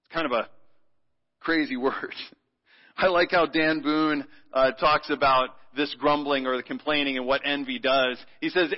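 Preacher, male, slightly high voice, playful call-and-response, long church reverb. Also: steady tone, moderate pace. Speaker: pastor. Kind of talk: sermon. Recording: muffled sound with long hall reverb.

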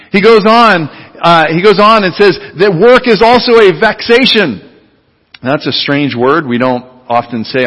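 Male pastor, fairly high voice, emphatic sermon delivery, long church reverb. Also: lively intonation, a little slow, fairly bright tone. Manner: leads the congregation in call-and-response repetition.

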